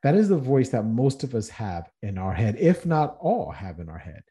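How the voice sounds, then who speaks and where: A man's voice: mid-range voice, big pitch swings, moderate pace, mellow. A man hosting a podcast, speaking in an earnest motivational monologue with rhetorical questions and frequent restarts. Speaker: podcast host.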